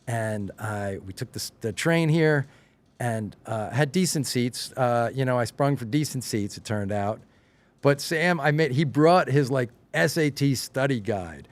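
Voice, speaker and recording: A middle-aged man with a faint Long Island accent, recorded close on a dry mic with no room sound. He talks in an easygoing, animated way, often putting on the voices of the people in his stories. His pitch is middle of the range for a man. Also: dry recording. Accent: slight Long Island. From Long Island, New York. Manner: animated storyteller, acts out quotes with rising excitement. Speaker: podcast guest, showrunner. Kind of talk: casual chat.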